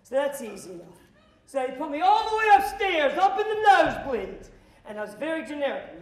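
Guy giving a pep talk to high school kids, pretty high voice, acts out all the voices and yells sometimes, echoey hall. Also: sing-song, fairly quick. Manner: acts out dialogue, bursts into shouts. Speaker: motivational speaker. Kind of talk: animated storytelling to students. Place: school auditorium.

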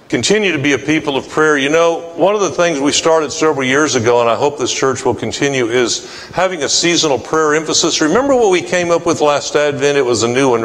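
A man's voice: medium pitch, a bit bright, big-room sound, low-quality recording. A male pastor preaching a sermon, telling a personal story in a folksy way and acting out the people in it. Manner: folksy, acts out quoted voices. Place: church sanctuary.

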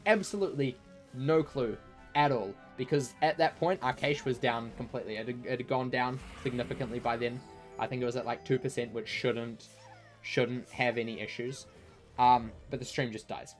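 A man who streams live, telling a long story in casual chat to his viewers, rambling with fillers and restarts. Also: medium pitch.

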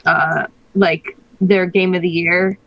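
A woman's voice: fairly low pitch, flat delivery, takes it slowly, vocal fry, lo-fi sound. A young woman co-hosting a casual gaming podcast, wry and teasing. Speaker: podcast co-host.

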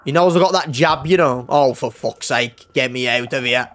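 A man's voice: mid-range voice, normal speed, a bit bright, slight background noise. A young man giving live gameplay commentary, swearing, yelping and screaming in panic, and talking to his chat. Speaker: gaming YouTuber.

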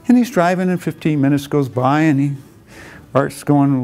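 A man giving an earnest, reflective lecture who tells stories and slows down and drops low for emphasis. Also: darkish tone, soft background music. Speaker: motivational lecturer.

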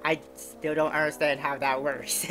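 A woman's voice: low-pitched, flat delivery, unhurried, over music. A woman hosting a let's play, giving casual gameplay commentary with playful, jokey asides.

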